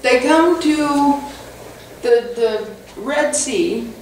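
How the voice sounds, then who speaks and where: A woman pastor gives a lively, joking, conversational sermon in a slightly high voice. She is heard from a distance in a church sanctuary with a heavy echo and a faint hum behind her. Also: very slow. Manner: animated, humorous, conversational storytelling. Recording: echoey hall from far off.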